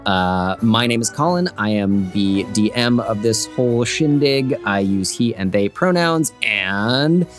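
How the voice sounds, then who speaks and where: A man's voice: on the low side, measured pace, hardly any pauses, soft background music. A man acting as game master, recapping the last session in a loose, rambling way with small laughs. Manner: loose and rambling, with fillers and self-amused laughs. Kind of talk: casual chat and recap narration of a tabletop game.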